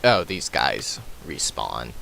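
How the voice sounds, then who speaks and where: A man casually commentating his own gameplay, thinking aloud and halting with frequent ums. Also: extremely low pitch, big pitch swings, vocal fry, pushed and bright, slight background noise. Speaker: let's play host playing the game.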